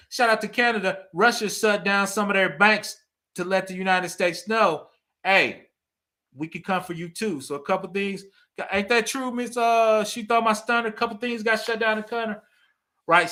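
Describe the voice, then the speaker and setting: This cybersecurity channel host, a middle-aged man, sits high in pitch with a sharp tone. During casual livestream commentary he reads chat, laughs often and checks in with viewers using "right?".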